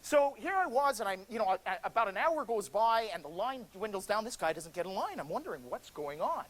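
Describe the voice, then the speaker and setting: A man's voice: high-pitched, big pitch swings, brisk, fairly bright tone. A man giving a motivational speech to a seminar audience, telling a story with energy and drama. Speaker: motivational speaker. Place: seminar room before an audience.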